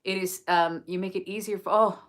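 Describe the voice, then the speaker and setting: A woman from England reading a sacred text aloud and then chatting gently and effusively with viewers on a live stream. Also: medium pitch, steady tone, a little fast. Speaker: host of a live book study.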